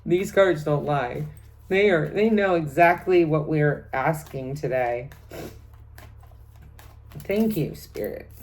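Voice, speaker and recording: A talkative middle-aged tarot reader walks her viewers through a spread in a casual vlog, listing each card's meanings at length and laughing between them. Her low voice has a darkish tone, and she speaks slowly with frequent pauses.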